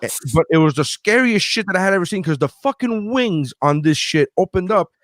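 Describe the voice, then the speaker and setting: A young man chatting on a podcast, swearing freely as he tells an excitable story. His voice sits a bit high and sounds close and dry, with no room echo. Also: fairly quick. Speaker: podcast co-host. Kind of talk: casual chat.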